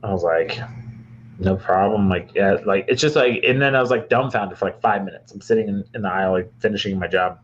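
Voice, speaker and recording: A man's voice: fairly low pitch, a little fast, highs cut off, slight background noise. A young man from Michigan, a podcast co-host, telling a long rambling story with lots of fillers and restarts. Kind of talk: casual storytelling chat.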